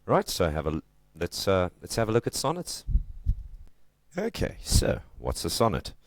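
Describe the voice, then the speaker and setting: A man's voice: sits low, huge pitch swings, moderate pace, dry recording. A man teaching literature in a casual video lesson, chatty and joking, leaning hard on stressed words.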